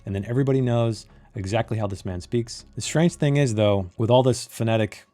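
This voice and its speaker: A man's voice: mid-range voice, fairly quick, mellow. A man reviewing a novel in a critical monologue, emphatic and fond of repeating key phrases for effect. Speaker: book reviewer.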